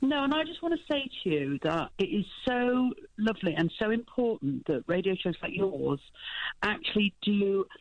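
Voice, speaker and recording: A woman's voice: mid-range voice, sing-song, moderate pace, dry recording, highs cut off. A woman speaking as a guest on a radio show by phone, bubbly and effusive, telling anecdotes. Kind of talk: casual radio interview. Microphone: phone line.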